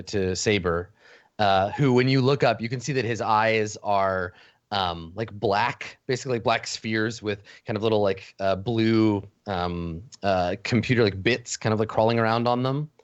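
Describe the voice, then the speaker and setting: A man narrating a tabletop game as game master, halting, with many fillers and restarts. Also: fairly low pitch, clean tone, no echo. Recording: dull lo-fi dry audio.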